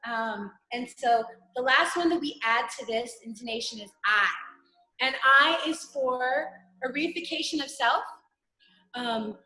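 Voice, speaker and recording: A woman as instructor leading a guided breathing and vocal exercise, giving calm step-by-step instructions between long sung vowel tones. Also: high-pitched. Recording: roomy echo.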